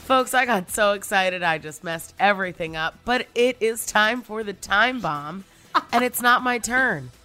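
A woman co-hosting a casual podcast, animated and emphatic as she talks to her listeners. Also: medium pitch, unhurried, soft background music. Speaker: podcast co-host.

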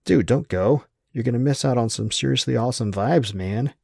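A man's voice: medium pitch, moderate pace, vocal fry, a little mellow, no echo, clean studio sound, pitched above the performer's own voice. A man voicing a laid-back male surfer dude who is the voice of a beer tap, drawling and slangy. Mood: easygoing.

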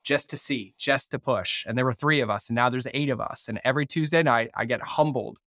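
A man in his thirties with a mid-pitched voice hosts a podcast and speaks earnestly and reflectively. The sound is dry and close. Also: a little fast, fairly bright tone, dry recording. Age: 30s. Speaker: podcast host. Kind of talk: conversational podcast interview.

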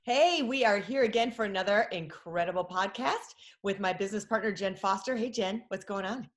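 A woman co-hosting a podcast, chatty and upbeat as she brings in a guest. Her voice sits at an ordinary middle pitch. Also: fairly quick. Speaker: podcast co-host.

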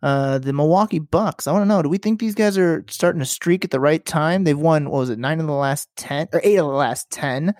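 A man's voice: on the high side, fairly quick, hardly any pauses, a little mellow, dry recording, studio quality. A man hosting a sports podcast, leading the topics and asking the others questions. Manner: leads topics, asks questions. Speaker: podcast host. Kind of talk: casual sports chat.

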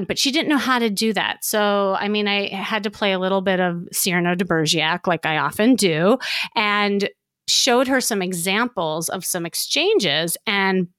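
A middle-aged woman, a dating coach, giving casual advice in an animated, upbeat way, chatty and full of fillers. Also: mid-range voice, no echo, clean studio sound.

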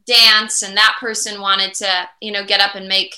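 A woman guest in a conversational interview, reflective and animated, sometimes acting out inner voices. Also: medium pitch, normal speed, echoey room, rough recording. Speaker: podcast guest.

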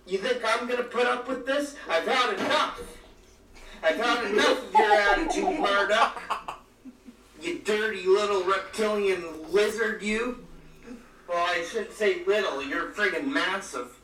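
Comedy podcast guy, british, bright higher voice, over-the-top ranting, roomy and off-mic. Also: a little slow. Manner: over-the-top faux outrage, theatrical. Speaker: podcast co-host. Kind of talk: comedic mock rant. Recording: roomy, distant mic, faint noise.

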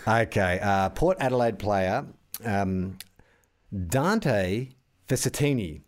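Australian man, podcast co-host, casual chat, lively intonation, self-mocking. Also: on the low side, takes it slowly.

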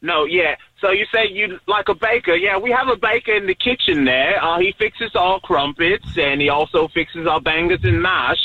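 A man's voice: high-pitched, moderate pace, few pauses. A man over the phone voicing a fake English tea shop clerk with a put-on English accent, evasive and mock-polite. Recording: tinny phone line.

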